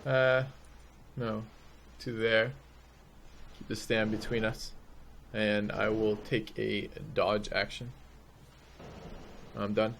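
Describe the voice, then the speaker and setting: A man speaks slowly and evenly as he plans his turn in a tabletop game. His pitch barely moves. A faint hiss sits under his voice. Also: flat delivery, fairly bright tone. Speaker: player.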